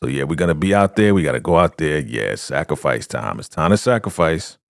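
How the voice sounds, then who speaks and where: A man's voice: very deep voice, a little fast, vocal fry, no room sound, clean studio sound. A man giving a casual TV episode recap into a podcast microphone, retelling the scenes and acting them out. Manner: animated retelling that acts out the scenes. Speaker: TV recap vlogger. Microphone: studio podcast microphone.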